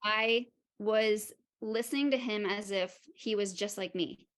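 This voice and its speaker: A woman's voice: medium pitch, fairly even intonation, unhurried, fairly bright tone. A woman speaking as a podcast guest, telling a personal story openly and frankly, laughing at herself and acting out what other people said.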